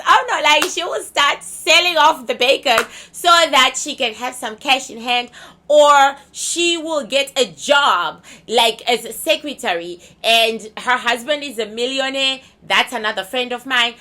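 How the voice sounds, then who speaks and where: Woman from zimbabwe ranting to camera, bright higher voice, blunt and crude, gets loud. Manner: blunt, candid storytelling with crude language; animated, swings loud and laughing. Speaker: vlogger. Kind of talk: casual rambling monologue.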